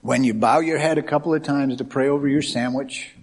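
A middle-aged American man preaching as a pastor. He tells anecdotes in an animated way, acting out the quoted dialogue as he goes. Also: mid-range voice, fairly quick. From United States. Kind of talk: sermon with storytelling.

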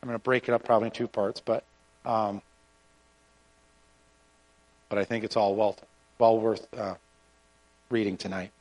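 A man preaching a sermon and reading scripture aloud, in an earnest, halting way with frequent restarts. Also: fairly low pitch, fairly even intonation, darkish tone. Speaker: pastor. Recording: long hall reverb.

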